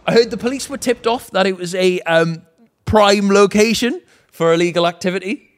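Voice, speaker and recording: A high-pitched British man hosts a comedy news roundup at a moderate pace, reading scripted items and throwing in sarcastic asides and swearing.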